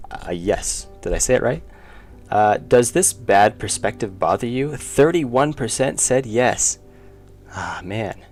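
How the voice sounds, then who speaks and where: Gravelly and a little mellow, a man streams as an indie game developer, chatting casually while he draws. He's low-key and keeps muttering to himself as he works, with faint music in the background.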